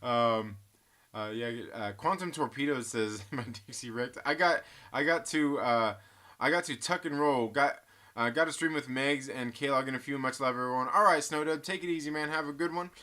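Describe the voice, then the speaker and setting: A man's voice: mid-range voice, normal speed, pushed and bright. A man hosting a casual live stream, telling rambling stories full of swearing and frequent laughter, and reading chat comments aloud.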